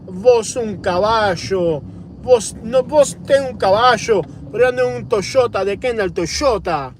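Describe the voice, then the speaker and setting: A man's voice: high-pitched, normal speed, slight background noise, voice pushed up, close to an everyday voice. A man voicing a smug, boastful Argentine man with a put-on Rioplatense Spanish accent, haughty and sing-song.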